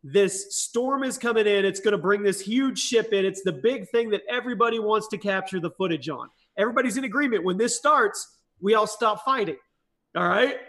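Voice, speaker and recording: A man guesting on a casual gaming podcast, telling stories in an animated way and swearing freely. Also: high-pitched, a little fast.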